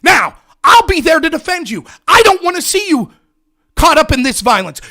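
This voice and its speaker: An American man hosting a livestream, delivering an angry, profane political rant that often breaks into shouting. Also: extremely high pitch, sing-song, normal speed. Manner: furious, profane, shouting at viewers.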